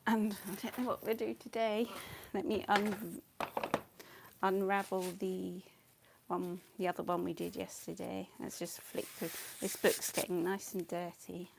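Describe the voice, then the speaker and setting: A woman's voice: medium pitch, level tone, unhurried, creaky. Casual female host, chatty and self-muttering, mid-range voice, faint background noise. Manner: chatty, scattered, laughs often, mutters asides. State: a bit out of breath. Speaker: live-stream painting host. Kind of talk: casual live-stream chat while painting.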